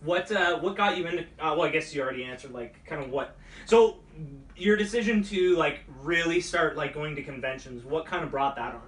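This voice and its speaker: A woman hosting a casual talk show, asking questions in a relaxed, lively way with many fillers. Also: sits low, fairly quick. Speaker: host. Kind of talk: casual interview chat. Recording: roomy echo, mic at a distance.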